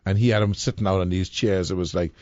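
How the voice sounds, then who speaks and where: A man's voice: sits low, steady tone, fast talker, darkish tone, no room sound, highs cut off. A man hosting a live talk show, rambling and joking with many restarts. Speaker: host. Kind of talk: casual banter on a live show.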